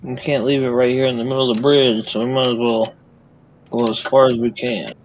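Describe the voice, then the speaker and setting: A man's voice: medium pitch, little pitch movement, fairly quick, a little hiss or hum. Easygoing man on a muffled game mic. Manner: easygoing, directs the action. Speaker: gaming teammate. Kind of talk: casual gaming chat.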